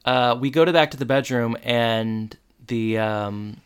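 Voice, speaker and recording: A man's voice: medium pitch, a little slow, clean tone. A man in casual chat, recapping a TV episode and acting out the characters' lines, with some stammering. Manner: animated retelling, acts out quotes, stammers. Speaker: podcast co-host.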